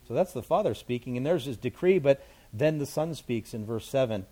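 A man delivers a sermon at a middle pitch. His preaching is plain-spoken and conversational, with playful, joking asides as he explains the scripture. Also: lively intonation, fairly quick, warm tone. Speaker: pastor.

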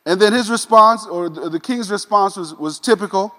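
A man preaching a sermon, retelling a scripture story in a casual, animated way with modern asides. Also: high voice, a little fast, hardly any pauses, big-room sound. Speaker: pastor.

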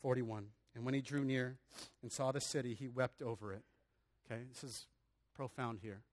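A man's voice: medium pitch, steady tone, moderate pace. A man preaching a sermon in an earnest, conversational way, often restarting his phrases and adding casual asides. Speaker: pastor.

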